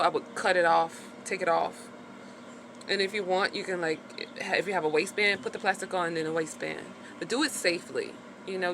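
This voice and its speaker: A woman's voice: lowish voice, noisy background. A woman talking frankly in a casual personal vlog, chatty and full of "like" fillers, with the odd swear word. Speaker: vlogger sharing her recovery after birth.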